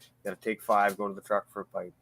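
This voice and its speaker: A man's voice: on the low side, little pitch movement, quick pace, a bit bright. A man in casual chat, telling stories with a lot of swearing and laughter. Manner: profane, laughing storyteller. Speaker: podcast panelist.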